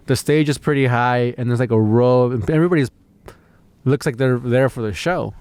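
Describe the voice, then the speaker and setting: A man's voice: mid-range voice, normal speed, a little mellow, smooth, no room sound. A man, a stand-up comedian, telling a rambling story in casual podcast chat, full of fillers, restarts and swearing.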